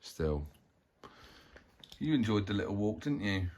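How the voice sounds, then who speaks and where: A man's voice: on the low side, big pitch swings, measured pace, a little mellow, dull audio, slight background noise. A man hosting a family vlog, talking in a rambling, matter-of-fact way. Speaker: vlog host, parent. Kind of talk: casual chat to camera.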